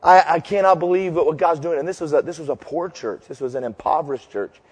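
A fast-talking pastor with a slightly high, slightly rough voice preaches a sermon to a live crowd in a large hall. Long hall reverb colors the recording as he tells jokey stories with animation and leads a cheer.

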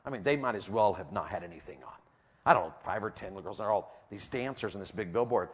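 A man's voice: on the low side, animated, fast, slightly rough, big-room sound. A middle-aged man preaching a sermon in a church auditorium, drawing the congregation in with rhetorical questions and call-and-response.

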